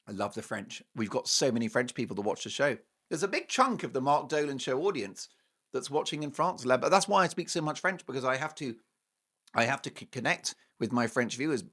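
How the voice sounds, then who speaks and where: A male talk show host ranting in a scornful, sarcastic monologue. His pitch swings widely as he piles up punchy lists for effect. The delivery is theatrical and mocking. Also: expressive, a little fast, a bit bright. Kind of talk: opinionated monologue.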